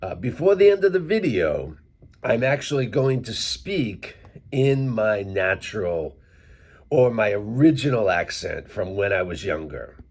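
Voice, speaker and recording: Slow-talking, lively-pitched man teaching English. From central Massachusetts, USA. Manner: slow and deliberate, spells words out letter by letter. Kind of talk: casual teaching monologue to camera.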